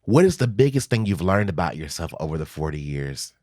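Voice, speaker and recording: A man's voice: low-pitched, big pitch swings, brisk, a little mellow, no room sound, studio quality. A man hosting an interview, praising his guest and asking direct questions. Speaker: talk show host. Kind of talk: interview conversation.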